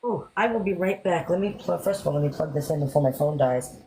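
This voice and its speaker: A woman's voice: low voice, fast, dark tone, a little hiss or hum, rough recording. A woman hosting a livestream, chatting casually into her phone and passing on viewer comments. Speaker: livestream host. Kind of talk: casual chat. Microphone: phone mic on a livestream.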